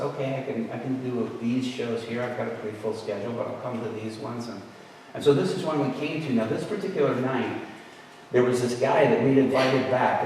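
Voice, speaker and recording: A man's voice: mid-range voice, distant mic, slight background noise. Man preaching in an echoey hall. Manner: conversational, acts out quoted voices. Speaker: guest preacher. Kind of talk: storytelling sermon. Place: large hall at a church camp event.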